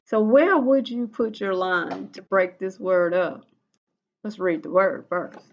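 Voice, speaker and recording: Slow, patient woman teaching first graders. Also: medium pitch, highs cut off. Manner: slow, patient, repeats rules in a sing-song drill. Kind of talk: recorded phonics lesson for young children.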